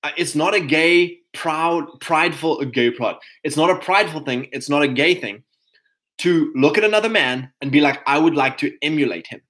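A man's voice: a little high, moderate pace, a bit bright. A man giving a casual, rambling motivational talk to other men as a podcast host, full of fillers and restarts, calling his listeners chaps.

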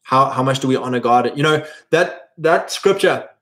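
A man's voice: mid-range voice, moderate pace, fairly bright tone. Man, video host, blunt provocative monologue, preachy, mid-range voice. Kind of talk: monologue to camera.

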